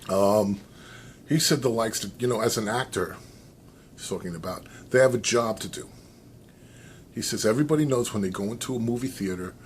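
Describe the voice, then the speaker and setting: American man, casual, rambling, lots of fillers, faint hiss behind. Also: fairly low pitch. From United States. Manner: rambling, animated, with many restarts and fillers. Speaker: vlogger. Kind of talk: casual opinion monologue.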